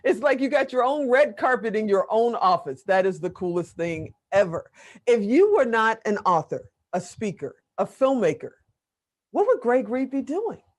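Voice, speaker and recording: Enthusiastic older woman co-host, high voice. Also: very animated, normal speed. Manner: enthusiastic, affirming. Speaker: podcast co-host. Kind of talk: interview.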